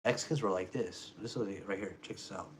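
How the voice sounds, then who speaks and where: A man ranting in a rambling, low-key, muttering monologue. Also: fast, slight background noise. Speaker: vlogger.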